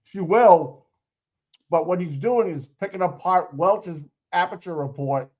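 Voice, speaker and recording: A man co-hosting a livestream, chatting excitedly about a trial with quick agreeing interjections. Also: sits high, lo-fi sound. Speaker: livestream co-host commenting on a trial. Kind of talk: casual live commentary.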